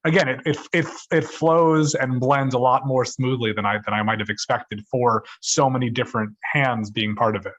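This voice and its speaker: A man's voice: medium pitch, steady tone, moderate pace, hardly any pauses, fairly bright tone, highs cut off. A man interviewing a film director, chatty and friendly as he asks questions.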